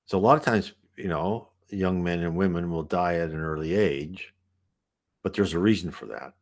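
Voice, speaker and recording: A man's voice: low-pitched, normal speed. A man talking casually and at length, explaining a spiritist book in a loose, conversational way. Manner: rambling and conversational.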